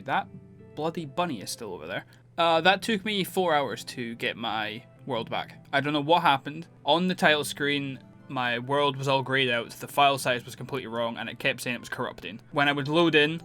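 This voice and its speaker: Exasperated gaming commentator. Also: male voice, medium pitch, pushed and bright. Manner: self-deprecating, exasperated, talks to himself while playing. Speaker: gaming YouTuber. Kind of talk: let's play commentary.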